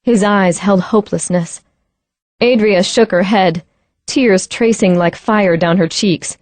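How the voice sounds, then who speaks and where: A woman's voice: mid-range voice, unhurried, darkish tone, no echo. A woman reading an audiobook in tense, dramatic scripted narration at a close studio mic.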